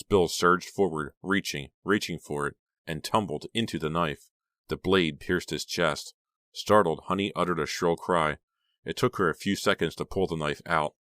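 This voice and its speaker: A man with a very deep voice narrates a horror novel in a dramatic, suspenseful reading. The sound is dry and close, with no room around it. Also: fairly bright tone, no room sound. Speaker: audiobook narrator. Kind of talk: scripted narration.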